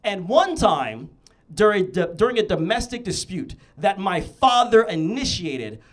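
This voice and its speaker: A male stand-up comedian performing a set, telling animated stories that build into shouted rants. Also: sits high, unhurried.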